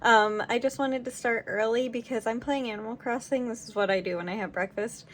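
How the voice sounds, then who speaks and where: Brief: young woman, fairly high voice, casual home vlog, rambling and filler-heavy. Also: steady tone, a little fast, a bit bright, a little hiss or hum. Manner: chatty and rambling, with many fillers and small laughs. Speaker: vlogger. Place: home, indoors.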